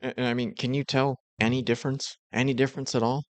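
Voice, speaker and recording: A man's voice: medium pitch, little pitch movement, fast, no echo. A man giving dry, critical and sarcastic commentary over reaction clips. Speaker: commentary host.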